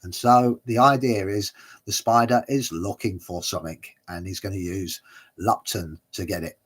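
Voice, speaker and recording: A man chats through a watch-along stream in a low, husky voice. He rambles casually and hesitates often with uhs and little chuckles. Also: fairly even intonation, moderate pace, fairly bright tone. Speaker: watch-along livestream host. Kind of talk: casual commentary.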